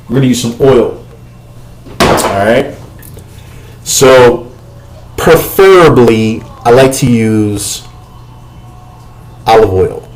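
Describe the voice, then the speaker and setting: A man's voice: mid-range voice, a little hiss or hum, low-quality recording. A man hosting a casual cooking vlog from his home kitchen, rambling and swearing freely as he talks. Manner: profane, rambling, keeps asking "you know what I'm saying".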